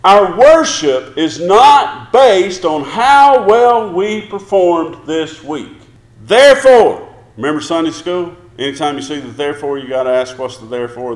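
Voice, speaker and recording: A male pastor preaches a sermon, often turning to the congregation with questions and acting out short prayers. His voice sits high and moves a great deal. The church around him sounds roomy and echoing. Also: animated, unhurried. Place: church sanctuary.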